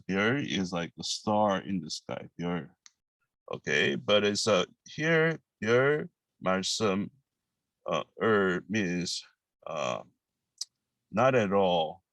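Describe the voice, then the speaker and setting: A man with a Korean accent, whose first language is Korean, teaching a language lesson and repeating each phrase slowly, with halting English. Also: low voice, a bit bright, no echo.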